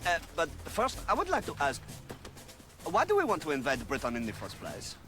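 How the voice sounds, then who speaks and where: An actor playing a foppish, effeminate French courtier with a mock French accent, camp and theatrical, in a comedy clip. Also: male voice, fairly high pitch, wildly swooping pitch, normal speed, sharp tone, exaggerated voice. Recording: music behind a TV clip.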